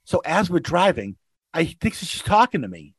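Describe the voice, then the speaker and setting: In a dry recording, a man with a fairly high, slightly rough voice recounts rideshare experiences at a moderate pace. He's a regular on a podcast, and his casual storytelling is lively, with voices acted out for each person in the tale.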